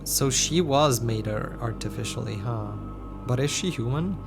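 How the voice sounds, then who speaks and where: A man's voice: medium pitch, normal speed, creaky. A man streaming a visual novel, reading its dialogue aloud in his own voice with small stumbles and reacting live. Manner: reads both the heroine and the villain's lines in his own voice, with small stumbles. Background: game music.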